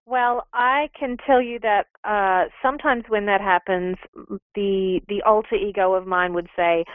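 A woman's voice: mid-range voice, steady tone, a little slow, no room sound. A woman from Australia, a podcast guest, telling stories casually and laughing easily. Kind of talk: casual interview chat. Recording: phone-line sound.

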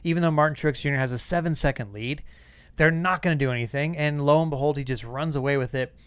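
Smooth-voiced man hosting a podcast. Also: fairly high pitch, fast talker, dry recording. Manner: chatty, storytelling with quoted asides. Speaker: podcast host. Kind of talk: casual chat.

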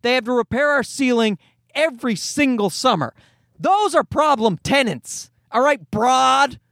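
Guy ranting on his podcast, swears a lot, pitch swings all over, dry close mic. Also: animated, a little slow, fairly bright tone, no echo. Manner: exasperated, profane, rambling with restarts. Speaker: podcast host. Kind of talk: casual comedic rant.

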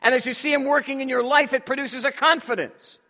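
Man, preacher, high voice, emphatic sermon, calls for responses, reverberant hall. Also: steady tone, a little fast, sharp tone.

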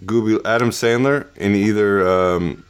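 A man hosting a podcast with a somewhat low voice. He talks offhandedly and jokes as he runs through lists of nominees. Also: a little slow, smooth. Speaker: podcast host. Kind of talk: casual chat.

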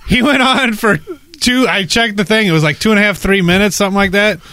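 A man's voice: sits high, fast, pushed and bright. A man telling a crude, profane story in casual chat, acting out callers in raised voices. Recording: dry close mic.

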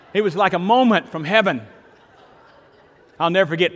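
A man's voice: on the high side, normal speed, in a large hall. An older man, preaching a sermon in a conversational storytelling way, with sudden emphatic rises. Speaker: pastor.

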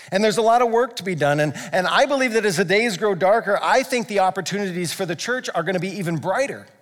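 Male pastor, high-pitched voice, earnest fervent sermon, long hall reverb. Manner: earnest, rising to fervent emphasis.

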